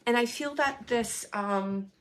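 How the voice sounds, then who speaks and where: This psychic medium and show host speaks slowly in a somewhat bright, higher voice. Delivering live readings, she addresses the sitter earnestly and head-on, often saying her phrases again.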